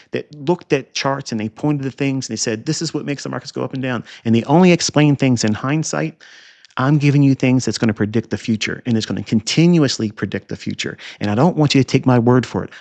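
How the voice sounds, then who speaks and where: A man's voice: mid-range voice, gravelly. A man giving a recorded trading lecture over price charts, emphatic and repetitive, with rhetorical questions and scornful asides. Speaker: trading educator.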